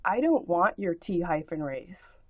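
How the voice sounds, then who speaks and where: Slow-talking woman in a ranting monologue. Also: on the low side, sing-song, a little mellow, dry recording, lo-fi sound. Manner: spells out words and rhymes in playful wordplay, with profanity. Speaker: vlogger answering a commenter.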